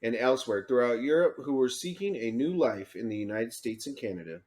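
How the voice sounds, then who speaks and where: A man's voice: medium pitch, animated, brisk, darkish tone. Man, podcast co-host, casual chat, reads facts aloud, stumbles and jokes. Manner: stumbling reading, joking, laughs often.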